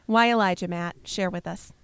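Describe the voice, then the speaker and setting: Animated woman co-hosting a Bible chat. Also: fairly low pitch, moderate pace, over a noisy crowd. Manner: animated and emphatic, teasing. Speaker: podcast co-host. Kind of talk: casual Bible discussion.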